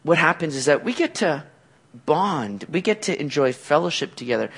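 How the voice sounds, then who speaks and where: Male pastor, sermon delivery, bright high register, swings up and down constantly. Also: normal speed, slightly rough. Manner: animated preaching with shouted acted-out quotes.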